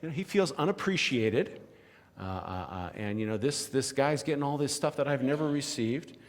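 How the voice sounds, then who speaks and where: A man's voice: mid-range voice, very animated, normal speed. Man teaching in a reverberant hall. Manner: casual, frequent "you know" and "right?" asides. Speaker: church teacher. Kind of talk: conversational Bible lesson. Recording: long reverb of a large hall.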